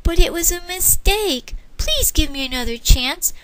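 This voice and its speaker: A woman's voice: very high-pitched, lively intonation, unhurried, fairly bright tone, voice pushed up, heavily acted. A woman doing a pleading, frightened young cashier. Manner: pleading and anxious.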